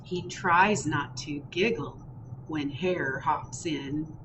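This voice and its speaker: A woman librarian reading picture books aloud at storytime, expressive, with chatty asides in a public library. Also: low-pitched, takes it slowly, background noise. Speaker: children's librarian. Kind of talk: picture book read-aloud.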